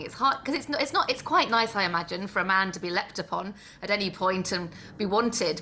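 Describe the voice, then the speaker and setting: A woman's voice: mid-range voice, pushed and bright, slight background noise. A woman co-hosting a casual chat, thoughtful and chatty, reasoning things through aloud. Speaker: co-host.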